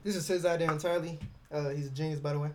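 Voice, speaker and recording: A man's voice: on the high side, steady tone, very fast, crowd noise. A man speaking as a podcast guest, earnest and emphatic about his team's plans. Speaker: guest, show team member. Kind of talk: casual podcast interview.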